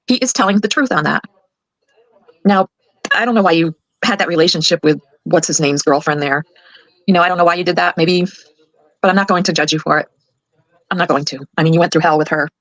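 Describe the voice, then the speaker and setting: Older woman, grandmother, indignant, worked up, rapid talk, dry close mic. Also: fairly low pitch, dry recording, low-quality recording. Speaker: grandmother telling her side. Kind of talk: emotional recorded account.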